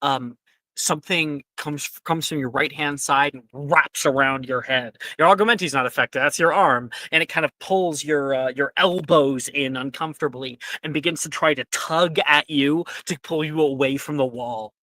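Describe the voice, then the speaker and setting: Bright-voiced man running a tabletop game. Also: on the high side, dry recording. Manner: casual, swears, quick asides. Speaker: game master. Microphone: headset or desk mic on a stream.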